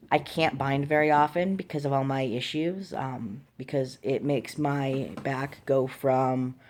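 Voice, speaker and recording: Young trans man, mid-pitch voice that is still deepening; rambling, candid vlog delivery, lots of ums, apologetic. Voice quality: voice deepening on testosterone, between high and low. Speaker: vlogger. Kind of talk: casual video diary.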